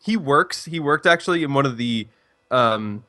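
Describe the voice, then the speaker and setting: A man's voice: mid-range voice, lively intonation, normal speed, pushed and bright, no room sound. A young man, telling a story in casual chat with restarts and rambling. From Canada. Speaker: stream co-host.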